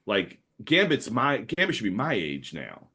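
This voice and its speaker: With a husky, lowish voice and measured pace, this man in his thirties talks in a New Orleans Yat accent. He's a comics artist guest on a podcast, rambling through lively stories with lots of fillers.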